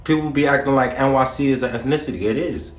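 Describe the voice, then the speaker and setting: A man's voice: medium pitch, quick pace, echoey room. A young man from the Bronx with a New York accent, hosting a joking vlog full of street slang. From New York City, the Bronx. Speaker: vlogger host. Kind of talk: comedic vlog skits.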